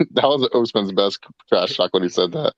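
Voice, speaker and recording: A man's voice: lowish voice, expressive, normal speed, dry recording, highs cut off. A man co-hosting a casual watch-along chat, brash and profane, joking and mocking people. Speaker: podcast co-host.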